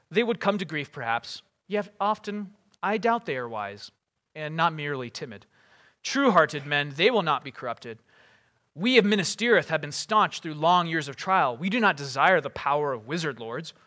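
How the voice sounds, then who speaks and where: A man reading aloud as a proud, desperate male warrior who craves power, in a loud, insistent voice that rises to shouts. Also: high-pitched, heavily acted.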